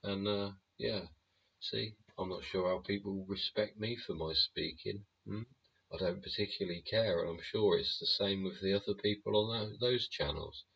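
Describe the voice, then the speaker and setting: Gruff, swearing man, lo-fi stream. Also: fairly low pitch, normal speed, a bit bright, a little hiss or hum. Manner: blunt, swearing, rambling rant. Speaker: livestream host. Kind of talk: live-stream chat.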